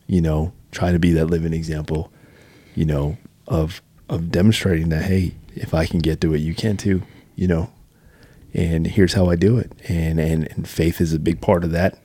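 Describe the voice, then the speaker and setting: Deep, husky man speaking earnestly. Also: flat delivery, moderate pace, mellow, dry recording. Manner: earnest, reflective, many "you know" fillers. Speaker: podcast co-host. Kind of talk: casual chat.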